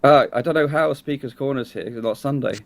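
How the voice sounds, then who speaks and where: A man with a plain middle-pitched voice co-hosts a casual live-stream chat. He talks easily and lightly, slipping in dry, teasing jokes between his points. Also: fast talker, vocal fry. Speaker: co-host.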